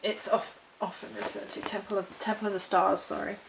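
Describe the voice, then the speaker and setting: With a gravelly, mid-range voice that barely moves in pitch, a woman talks fairly quickly through her witchcraft supply haul in a casual vlog. She rambles, backtracks and reads book notes aloud against background noise.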